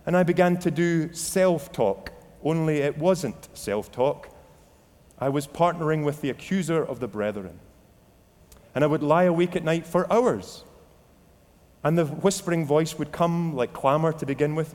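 A man's voice: on the high side, expressive, a little slow, darkish tone. A man from Scotland with a Scottish accent, preaching a sermon earnestly and reflectively, sharing a personal testimony. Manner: earnest and reflective, with quoted inner dialogue. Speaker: pastor. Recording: long hall reverb.

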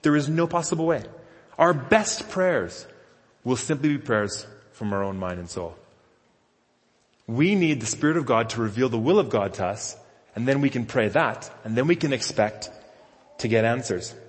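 Male pastor, mid-pitched, relaxed storytelling sermon, long hall reverb. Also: normal speed. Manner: conversational, self-deprecating storytelling. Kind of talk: conversational sermon.

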